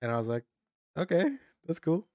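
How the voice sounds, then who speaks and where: A man in casual chat telling a laid-back story, dropping his voice low when he quotes people. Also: animated, moderate pace, a little mellow, no room sound, studio quality.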